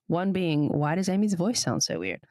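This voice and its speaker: A podcast co-host in her thirties from Australia, raised in Papua New Guinea with a mixed international accent, chats casually and laughs easily at a moderate pace. Her pitch bounces up at lively moments, and the sound is dry and close with no echo.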